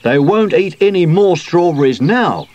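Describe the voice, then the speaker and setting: A man voicing a small, excitable magician bear puppet in a children's storybook reading, with a high, bright voice. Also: measured pace, lo-fi sound. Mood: earnest.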